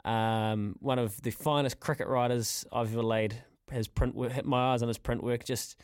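A man's voice: mid-range voice, steady tone, clean tone. New man hosting sports chat. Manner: friendly, teasing, quick banter. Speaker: host.

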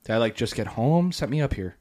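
Male co-host, casual comedy podcast, joking storyteller, casual swearing, mid-pitched. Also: expressive, brisk, darkish tone.

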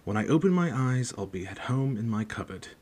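A young storybook boy, anxious and eager, who tends to rise high when surprised, voiced by a man reading aloud. The voice carries a husky, slightly breathy grain. It sits at an ordinary pitch for a man. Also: lively intonation, a little fast, darkish tone. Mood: hopeful.

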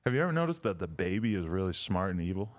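Deep-voiced young man joking crudely. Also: sing-song, very fast. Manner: joking, blunt, profane, laid-back. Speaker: podcast host and interviewer. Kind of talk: casual crude podcast banter.

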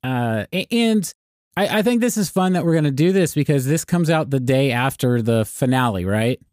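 A man's voice: mid-range voice, expressive, moderate pace, a little mellow, no room sound, clean studio sound. A man who co-hosts and produces a podcast, joking in a playful, self-deprecating casual chat. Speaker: podcast co-host and executive producer.

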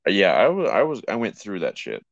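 Podcast co-host, a man with a low, smooth voice, laid-back and blunt, recorded dry and close. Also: wildly swooping pitch, brisk, no room sound. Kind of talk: casual podcast chat. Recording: slightly dull, lo-fi sound.

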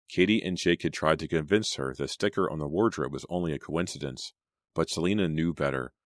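A man narrating an audiobook in a measured storytelling manner. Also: extremely low pitch, no echo. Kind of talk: scripted narration. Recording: dry close studio sound.

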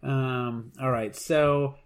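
A man's voice: mid-range voice, fairly even intonation, drawn-out words. A young man co-hosting a podcast in casual chat, tossing out puns and dry jokes. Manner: wisecracking, pun-loving, dry jokes. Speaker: podcast co-host. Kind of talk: casual chat recapping a reality TV episode.

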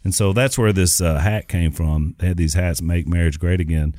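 A man's voice: sits low, steady tone, normal speed, dark tone, no room sound, studio quality. A middle-aged man hosting a casual chat, talking in a loose, rambling way with many fillers. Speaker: host.

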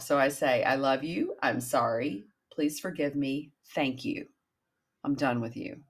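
A woman in her fifties hosting a podcast, talking candidly and chattily about self-help, with casual swearing. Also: low-pitched. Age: 50s. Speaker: podcast host.

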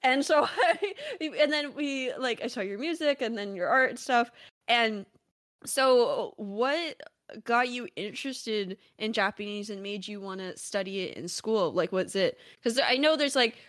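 A woman's voice: fairly high pitch, unhurried, fairly bright tone, no room sound, clean studio sound. A young woman hosting a podcast, chatty and laughing often, with lots of fillers. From United States. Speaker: podcast host. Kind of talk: casual interview chat.

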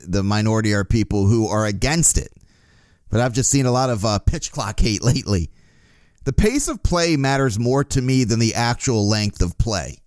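A man hosts a casual sports podcast, speaking in a middle-pitched, everyday voice. He is opinionated and swears freely, working himself up as he argues his points. The sound is dry and close, with no room echo. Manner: opinionated, profane, gets worked up. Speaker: podcast host.

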